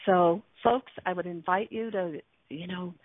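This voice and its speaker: On a tinny, dry phone line free of echo, a woman in a lowish, steady, unhurried voice hosts an internet radio talk show. As a relationship coach, she talks earnestly while using many fillers and restarts.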